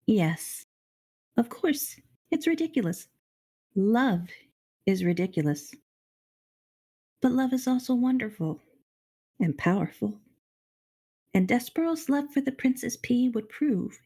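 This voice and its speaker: A middle-aged woman reading a children's novel aloud on a charity livestream, expressive and addressing the reader directly. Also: mid-range voice. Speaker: storybook reader on a charity stream.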